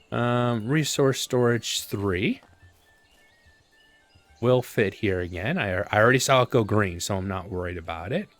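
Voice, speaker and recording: Low-voiced man musing over gameplay. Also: dry recording. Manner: relaxed, thinking aloud with fillers. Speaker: gameplay commentator. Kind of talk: casual let's-play commentary.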